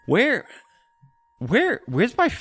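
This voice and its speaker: A man's voice: very high-pitched, huge pitch swings, a bit bright, faint music behind, voice pushed up, heavily acted. A man voicing a confused, dazed elvish man in fine clothes who stumbles over his words. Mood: bewildered. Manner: halting, bewildered, repeating words.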